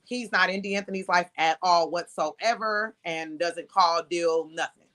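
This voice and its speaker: A woman's voice: lowish voice, unhurried, fairly bright tone. A woman, speaking frankly and conversationally as an interview guest. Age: 30s. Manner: frank, laughs readily, conversational. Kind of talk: candid interview talk.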